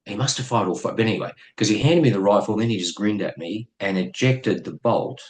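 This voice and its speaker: A middle-aged man with an Australian accent speaks in a fairly low register. He tells his story as an interview guest in a blunt, profane and lively way. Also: a little fast, poor audio. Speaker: guest, former police officer.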